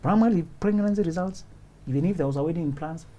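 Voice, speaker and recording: A man's voice: a little high, very fast, dark tone, highs cut off. A man hosting a relationship talk show, giving advice in a preachy, repetitive way and often laughing as he acts out little scenes. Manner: preachy, repeats points for emphasis.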